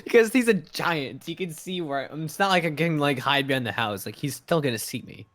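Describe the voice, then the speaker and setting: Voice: medium pitch, expressive, fairly quick, a bit bright, no echo. Hesitant player thinking aloud. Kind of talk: playing a tabletop game.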